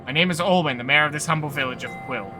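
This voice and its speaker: A man's voice: fairly high pitch, fast, music in the background, close to an everyday voice. A man reading a flustered woman mayor. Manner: flustered, apologetic, overly polite. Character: nervous, fussy middle-aged woman village mayor. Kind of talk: reading game dialogue aloud.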